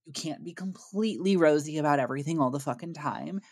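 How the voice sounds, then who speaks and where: A woman's voice: deep voice, fast talker, darkish tone, slightly rough. A woman co-hosting a podcast in casual chat, talking in a profane, emphatic rant. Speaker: podcast co-host.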